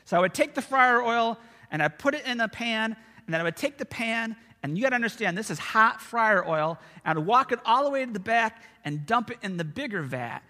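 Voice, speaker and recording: A pastor with a very high-pitched voice preaches to his church, speaking fairly quickly as he tells stories from his own life in a loose, chatty, animated and expressive way. The church sanctuary gives the recording a long hall reverb.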